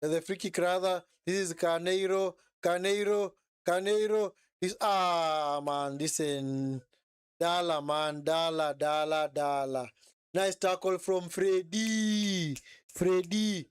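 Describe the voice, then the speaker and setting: A man calls a football match live for his stream, excitable and chatty, looping back over the same words and ending lines with a questioning "eh?". His voice sits a little high and comes through smooth and clear. The sound is close and dry, with no room behind him. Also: slow, no room sound. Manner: excitable, repeats phrases, frequent tag "eh?". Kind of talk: live match commentary and chat.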